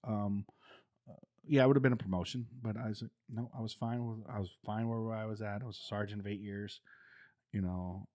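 A man's voice: lowish voice, brisk. A middle-aged man, a former Marine, casually telling stories and acting out the voices of people in them. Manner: animated, acts out quoted voices, laughs often. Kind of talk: casual storytelling.

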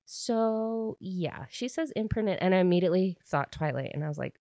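A young woman with a low voice talks casually about a book she read. She rambles, chatty and loose, filling gaps with small fillers. The sound is close and dry. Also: expressive, moderate pace, hardly any pauses, dark tone, no room sound. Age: young adult. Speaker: book reviewer. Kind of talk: casual chat.

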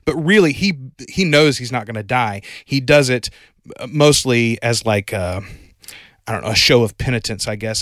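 A man co-hosts a casual movie-review podcast. He talks at a middle pitch in a rambling, wry way and corrects himself as he goes. The sound is dry and close. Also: a bit bright, no room sound. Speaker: podcast co-host.

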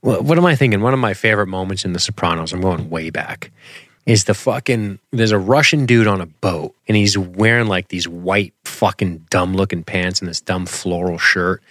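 A man's voice: low-pitched, moderate pace, a bit bright, no echo, clean studio sound. A man co-hosting a podcast, chatting casually about a TV episode, swearing freely, laughing often and acting out quotes. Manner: profane, laughs a lot, acts out quotes. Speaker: podcast co-host. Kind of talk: casual chat reviewing a TV episode.

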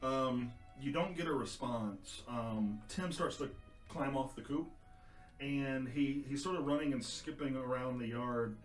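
A man narrating a tabletop game as game master, relaxed and rambling, with many fillers. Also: mid-range voice, measured pace, faint music behind. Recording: echoey room.

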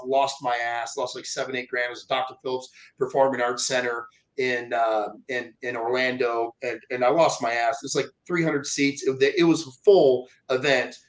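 A man's voice: mid-range voice, moderate pace, hardly any pauses, low-quality recording. A man, a motivational speaker telling a story in casual chat and acting out the voices of the people in it. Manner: animated, acts out quoted voices.

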